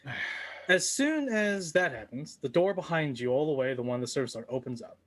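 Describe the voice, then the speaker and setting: A man narrating a tabletop game as game master, with halting, filler-heavy delivery. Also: a little high, animated, a bit bright.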